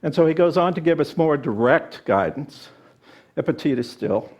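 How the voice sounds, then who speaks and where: Before a live audience at a spiritual center service, a male minister preaches with humor and readings, a jokey storyteller who shifts into reflection while teaching. His voice has fairly high pitch, a darkish tone, lively intonation and normal speed. The audio sounds dull.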